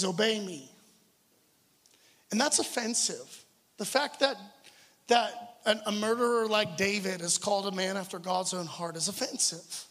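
A man's voice: high-pitched, a bit bright. A man, a pastor, preaching a sermon in a church in an earnest, conversational way, often stumbling over his words. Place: church hall. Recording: long hall reverb with music.

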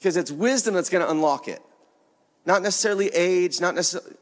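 High-voiced man preaching in a reverberant hall. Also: quick pace. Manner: earnest, conversational, acts out dialogue. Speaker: pastor. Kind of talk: sermon.

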